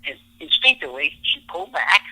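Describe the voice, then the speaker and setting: Guy on a podcast telling stories to explain stuff, voice sits a bit high. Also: very animated, fairly quick, sharp tone, low-quality recording. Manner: explains science with everyday stories. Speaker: podcast guest, relationship expert. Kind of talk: podcast interview.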